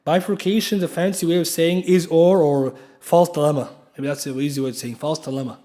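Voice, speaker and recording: A man teaches a class in a mosque, talking quickly in a slightly high voice. He is emphatic, often asks his listeners rhetorical questions, and spells out key terms letter by letter. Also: warm tone. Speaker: Islamic lecturer. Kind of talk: classroom lecture. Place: mosque lecture room.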